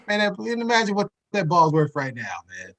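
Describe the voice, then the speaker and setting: A man's voice: high-pitched, sing-song, a little fast, fairly bright tone. A man co-hosting a casual sports chat, telling a profane story with frequent laughs. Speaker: podcast co-host.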